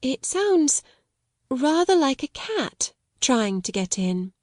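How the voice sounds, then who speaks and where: A woman voices a young girl in a storybook audiobook, pitching her voice high and bright, well above the narrator's. The heavily acted delivery is earnest, courteous, tender and eager, slow, sing-song and hushed, recorded dry and close with no room sound.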